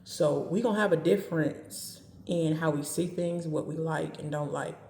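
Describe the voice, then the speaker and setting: A woman giving dating advice in a casual talk to camera, speaking calmly and evenly and driving her points home by repeating them. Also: low voice, moderate pace, reverberant. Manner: calm, even, straight-talking with emphatic repetition.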